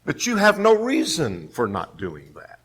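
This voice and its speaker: A man's voice: on the high side, wildly swooping pitch, a little slow, a bit bright, husky. A man teaching a Bible class, emphatic, repeating key phrases and putting questions to the class.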